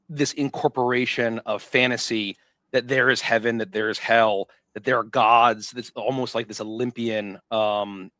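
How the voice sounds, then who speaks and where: A man pitching his game setting in casual chat, earnest and rambling with many fillers. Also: a bit bright, no echo. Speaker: game designer.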